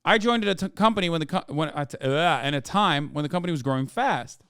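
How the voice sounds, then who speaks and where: A man's voice: fairly high pitch, lively intonation, a little fast, fairly bright tone, clear, resonant tone, dry recording, clean studio sound. A man putting on an Icelandic accent to read aloud an earnest open letter, written in the first person. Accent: put-on Icelandic.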